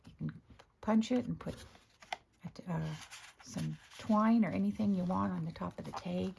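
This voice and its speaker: A woman with a hoarse morning voice, chatting casually as she shows her craft work, often clearing her throat and correcting herself. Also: fairly low pitch, normal speed, dark tone, slight background noise. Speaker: craft video host. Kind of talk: casual crafting show-and-tell.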